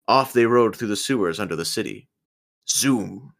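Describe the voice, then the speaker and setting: A man reads a children's picture book aloud, putting on the characters by raising his voice for their lines. His pitch swings widely, and he sits a little back from the mic. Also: normal speed, vocal fry. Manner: lively storybook reading, pitches up for character lines. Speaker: podcast co-host. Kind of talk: dramatic reading of a children's book.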